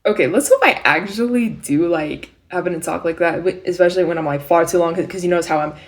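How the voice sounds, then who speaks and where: A woman's voice: lowish voice, fast talker. A young woman vlogging casually, rambling with many fillers and self-corrections. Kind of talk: casual vlog chat.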